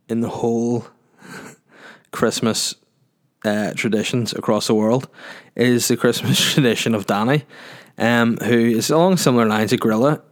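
Guy rambling on his podcast, jokey and sweary, mid pitched. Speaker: podcast host. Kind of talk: casual solo podcast chat.

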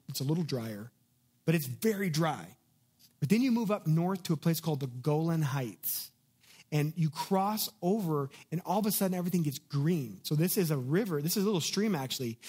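A man's voice: a little high, darkish tone. A middle-aged male pastor giving a sermon in a conversational style, often repeating words and asking the congregation questions.

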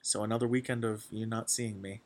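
A young man hosting a podcast, chatting casually and excitedly, with lots of fillers and restarts. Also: on the low side, fairly quick. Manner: rambling, full of fillers, excitable. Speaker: podcast host. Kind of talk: casual chat.

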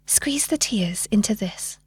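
A woman's voice: mid-range voice, animated, slow, darkish tone, breathy edge, no room sound, whispered, exaggerated voice. A woman voicing a tiny, sly female fairy who speaks in a sing-song way in a read-aloud storybook.

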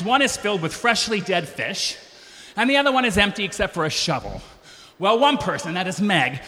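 High, lively man telling a comic story on stage. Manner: animated, acts out voices with big pitch jumps. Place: stage before a live audience. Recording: live stage recording with long reverb.

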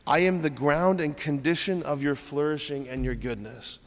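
This Catholic priest's homily at mass is informal and conversational, peppered with "right?" and scripture lines acted out in shifting tones. His fairly high voice has fairly even intonation and a moderate pace, resonating in a large church hall.

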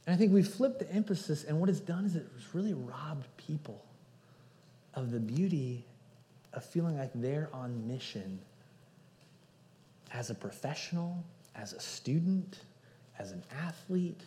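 A man preaching a sermon as pastor, earnest, moving between loud emphasis and hushed passages. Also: on the high side, animated, measured pace, pauses often, a little hiss or hum. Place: church sanctuary. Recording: hall reverb.

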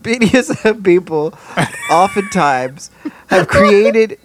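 A man co-hosting a podcast, casually recapping a TV episode in a rambling, animated way full of restarts. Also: sits high, slow, noisy background. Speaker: podcast co-host.

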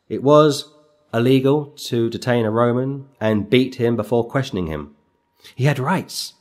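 A man delivers an expository sermon in a mid-pitched voice. He leans hard on key words and pauses for effect. He calls out verse numbers as he works through the passage. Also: a little mellow. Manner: emphatic, with slow dramatic pauses; reads verse numbers aloud as he goes. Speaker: preacher.

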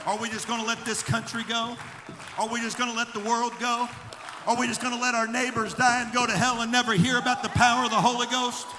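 A pastor preaching a fiery sermon to his congregation, dropping to quiet asides and then building into shouted calls. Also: extremely high pitch, fairly even intonation, fairly quick. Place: church sanctuary with congregation. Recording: echoey church hall with congregation noise.

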